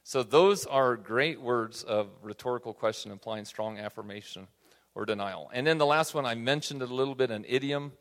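A man of middle pitch teaches a Bible class, his voice ringing out with a long reverb tail. He talks in a conversational way and often checks in with a quick question to his listeners. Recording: reverberant hall.

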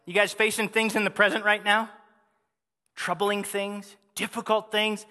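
Bright high-voiced preacher in a reverberant hall. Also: male voice, normal speed. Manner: fervent, repetitive emphasis. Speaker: pastor. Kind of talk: sermon.

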